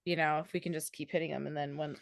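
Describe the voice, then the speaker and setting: Chatty woman with a lowish voice. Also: level tone, fast talker, vocal fry, no echo, studio quality. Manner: chatty, agreeable, often laughing. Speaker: podcast co-host. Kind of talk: casual chat.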